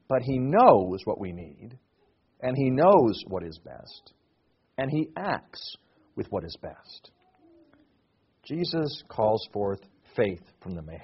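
A middle-aged male pastor preaching a sermon, rising to loud emphatic declarations and dropping to soft, hushed reflection. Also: lowish voice, very animated, slow pace, pauses often, breathy edge, dull audio.

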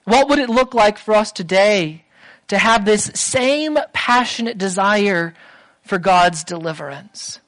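A preacher giving a sermon at an unhurried, deliberate pace, with a mid-range voice. The delivery is emphatic, with key phrases repeated for weight. It builds toward raised intensity. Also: mid-range voice, a bit bright, poor audio.

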